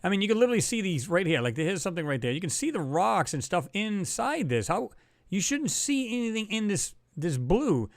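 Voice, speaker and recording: A man hosting a casual livestream, talking excitably about photos and reading out viewers' comments. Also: sits high, a little fast, no echo, clean studio sound. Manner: excitable, talks to chat viewers, reads their comments aloud. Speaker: livestream host.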